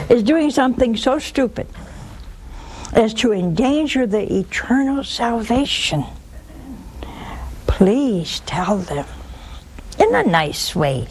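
A woman hosts a religious call-in program, speaking very slowly in a somewhat high voice. She drives her points home by repeating words. A faint hiss sits under her voice. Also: a little mellow. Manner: emphatic, repeats key words for force. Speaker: religious TV host taking calls. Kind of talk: slow preaching talk on a call-in show.

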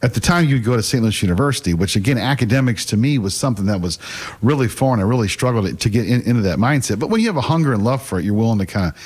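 A man's voice: fairly low pitch, lively intonation, racing, darkish tone, slightly rough. A middle-aged man talking as a guest in an earnest, casual way, with occasional stammers and restarts. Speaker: guest, faith class teacher. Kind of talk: casual conversational storytelling.

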